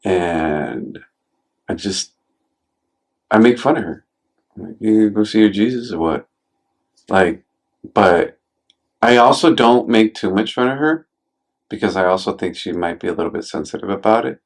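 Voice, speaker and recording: A man's voice: deep voice, expressive, a little slow, creaky, pauses often. A man talking casually and jokingly, rambling with fillers as he hosts a conversation. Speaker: podcast host.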